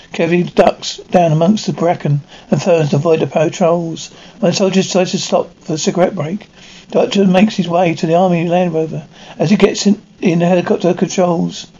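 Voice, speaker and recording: Reading quickly in a steady, mellow, high-pitched voice, a man narrates a described episode and gives every part a plain voice. Frequent slips and restarts make it unpolished, and the dull lo-fi audio has a faint noise underneath.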